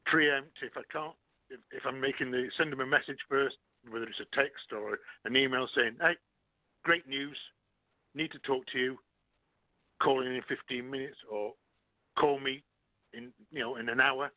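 Recruiter explaining on a phone line. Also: male voice, medium pitch, steady tone, moderate pace, dry recording. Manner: explains by walking through examples. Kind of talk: guest on a talk show.

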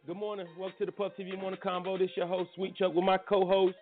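A man's voice: high-pitched, completely flat delivery, fast, over music. A man hosting a casual live morning show, joking and running loosely through the news. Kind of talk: casual live radio chat. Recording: tinny phone-like line.

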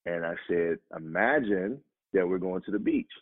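Here the guest is an actor from Chicago recounting his own stories at a normal speed, lively throughout, performing each quoted person with sudden shifts in pitch. His audio comes across dry and narrow, phone-like.

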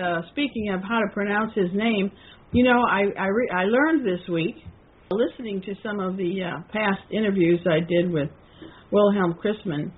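A woman co-hosting a podcast, talking through a historical text in a casual, hesitant way with many pauses and restarts. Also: medium pitch, husky, narrow, tinny audio. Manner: hesitant, with frequent fillers and restarts. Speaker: podcast co-host.

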